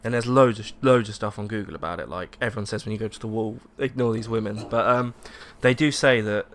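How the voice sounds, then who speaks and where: A man's voice: lowish voice, quick pace, a bit bright. A man chatting casually on a podcast, hesitant and chatty, trailing off and restarting. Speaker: podcast co-host. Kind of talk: casual chat.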